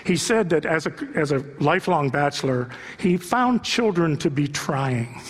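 A man preaching a sermon as a pastor, telling stories with animation and building to impassioned shouts. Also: on the high side, lively intonation, moderate pace, slightly rough, big-room sound.

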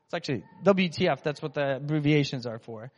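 A man's voice: fairly high pitch, lively intonation, fast. A man preaching a casual, joking sermon as a pastor, talking in a loose conversational way. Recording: muffled in a reverberant hall.

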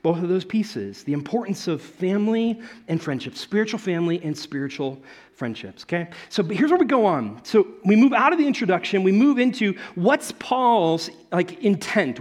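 A man in his thirties preaching a sermon, telling stories and acting out quotes, swinging between loud and soft. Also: sits high, sing-song, moderate pace. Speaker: pastor.

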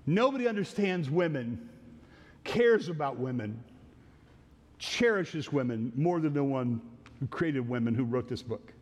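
A man's voice: medium pitch, expressive, a little slow, long pauses, big-room sound. A man preaching a sermon verse by verse, earnest, often repeating phrases and restarting his sentences. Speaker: pastor. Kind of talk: sermon teaching through a psalm.

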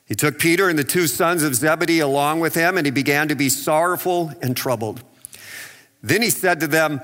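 A male pastor preaching in a casual, conversational way, tossing out rhetorical questions and acting out what people say. His voice is fairly high and bright. It rings through a large, reverberant hall. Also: brisk. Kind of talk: sermon.

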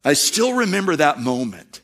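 A middle-aged male pastor tells his sermon as a chatty story, going quiet and low to drive points home. His delivery has a sing-song lilt at a normal speed.

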